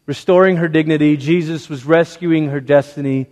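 Emphatic preaching man with a high voice. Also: fairly even intonation, normal speed, hardly any pauses. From Malaysia. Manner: emphatic preaching with repeated rhetorical phrases and big swings from loud to hushed. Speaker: pastor. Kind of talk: sermon. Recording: long reverb of a large hall.

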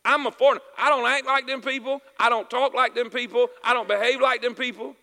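A man with a Southern US accent preaches a sermon, his voice high and bright, cutting through the room. He keeps asking the congregation for an amen and hammers his points home by repeating them. A long reverb from the hall trails behind every line. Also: steady tone, brisk. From Southern United States. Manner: calls for "amen" and "y'all with me", repeats phrases for emphasis. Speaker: pastor.

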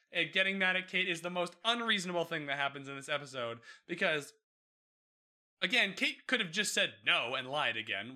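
A man hosting a podcast, chatting casually through a TV episode recap, animated and swearing freely as he acts out the characters' lines. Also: high-pitched. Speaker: podcast host.

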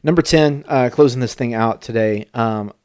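A man's voice: mid-range voice, moderate pace, a little mellow, smooth, no echo, clean studio sound. A middle-aged man co-hosting a podcast in casual chat, talkative and tripping over his words now and then. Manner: chatty, trips over words. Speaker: podcast co-host.

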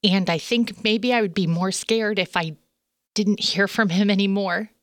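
A woman's voice: medium pitch, fairly even intonation, measured pace, dry recording, clean studio sound. Chatty laughing woman telling stories. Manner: chatty storyteller, laughs often. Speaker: podcast co-host. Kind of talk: casual faith chat.

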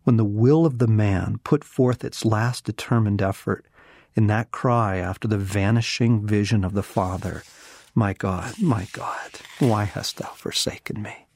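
A man's voice: lowish voice, steady tone, darkish tone, dry recording, clean studio sound. A man giving a devotional teaching, reading scripture and dropping to a whisper for emphasis. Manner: slow, intense, drops to a whisper for emphasis. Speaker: author and teacher.

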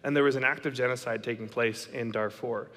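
A man in his thirties telling a story to an audience, animated and dramatic, acting out the lines of the people in it. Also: mid-range voice, fairly quick. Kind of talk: storytelling talk. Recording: long reverb of a hall.

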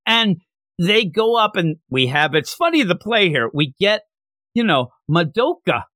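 An animated man chatting casually as a podcast co-host, laughing as he goes. His voice sits a little high, swings widely in pitch and sounds bright. The sound is dry and close. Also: measured pace, no echo. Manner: animated, laughing, retelling scenes.

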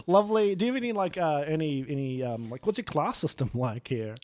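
A man's voice: on the high side, lively intonation, fairly quick, a little mellow, no room sound. A man, co-hosting a podcast and playing a polite, chatty visitor in an improvised comedy sketch. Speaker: podcast co-host.

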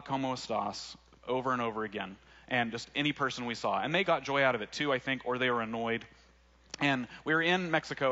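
Conversational young preacher. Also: male voice, mid-range voice, sharp tone, dull audio. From Arkansas. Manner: conversational, laughing asides, many fillers. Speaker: pastor. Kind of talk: sermon.

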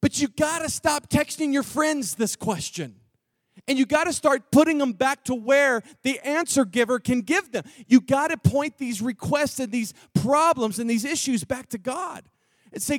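A man preaching a sermon in a church, acting out Bible characters with lively swings from loud to hushed. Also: extremely high pitch, moderate pace, dry recording, studio quality. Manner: animated, acts out Bible characters, drops to near whisper. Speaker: pastor. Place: church auditorium.

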